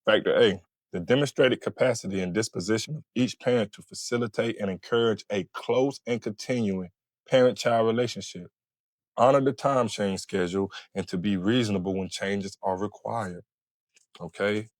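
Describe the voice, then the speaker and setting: A man's voice: fairly low pitch, moderate pace, dry recording. A man, coaching listeners in a casual teaching monologue and checking in often. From Florida. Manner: repetitive, checks in with "all right?" often. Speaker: family court advice host.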